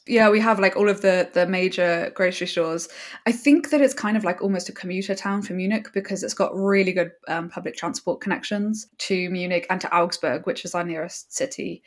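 A woman with an English accent, a guest chatting casually in an interview, full of fillers and quick laughs. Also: fairly low pitch. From England.

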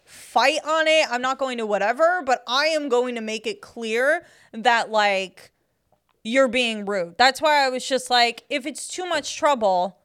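A woman's voice: on the high side, unhurried, a bit bright, clear, resonant tone. A young woman co-hosting a podcast, chatting casually, exasperated in her stories and playfully goofy. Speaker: podcast co-host. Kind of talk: casual chat.

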